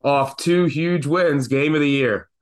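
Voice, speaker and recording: A man hosting a casual sports betting podcast, telling stories in an animated, excitable way. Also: fairly high pitch, measured pace. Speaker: podcast host.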